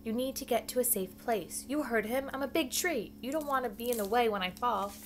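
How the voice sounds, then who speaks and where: A woman reading aloud, voicing an old talking tree that speaks softly but urgently. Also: fairly high pitch, a little fast, slight background noise, voice pushed up, natural voice. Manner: soft, urgent pleading.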